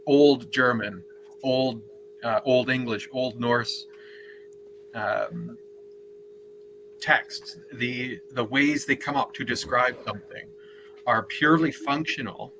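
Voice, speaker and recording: Slow, thoughtful man explaining. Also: mid-range voice, steady tone, noisy background. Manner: thoughtful, explaining, many ums. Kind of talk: casual chat.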